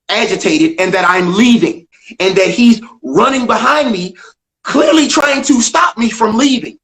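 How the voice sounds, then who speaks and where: An older man, a stand-up comedian, telling a story as a guest in an emphatic way, acting out dialogue. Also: a bit bright. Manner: emphatic, acts out dialogue, swings pitch widely. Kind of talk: animated storytelling in a video interview. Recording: echoey room.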